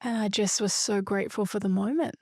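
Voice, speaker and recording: A woman's voice: medium pitch, fairly even intonation, fairly quick, darkish tone, no room sound, studio quality. A woman hosting a solo podcast, talking in an earnest, emphatic, reflective way. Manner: earnest, emphatic and spiritual, with a few loose swears. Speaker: podcast host.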